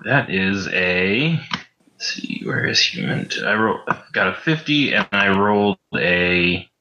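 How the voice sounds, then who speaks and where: Low-voiced man on a muffled mic. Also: expressive, slow, bright, forceful tone. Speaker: player.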